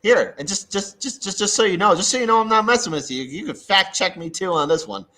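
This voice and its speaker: A man from Chicago talking through local politics in a casual, halting way, with many fillers and restarts. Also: high-pitched, lively intonation, sharp tone, poor audio. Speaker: guest commentator. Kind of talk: casual political talk over a call.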